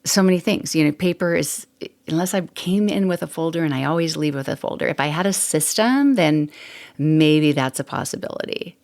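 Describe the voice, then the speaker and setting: Low gravelly lady rambling thru a solo podcast, laughs a lot, middle-aged. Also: moderate pace, a little mellow. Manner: chatty and candid, laughs often, rambling asides. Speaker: podcast host. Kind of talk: casual solo podcast monologue.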